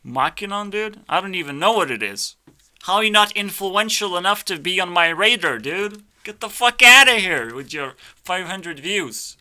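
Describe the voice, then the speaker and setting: Male YouTuber, live reaction rant; cocky, profane, piercingly bright tone. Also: sits high, animated, normal speed. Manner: brash, swearing, mock-arrogant ranting. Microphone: headphones on, desk mic.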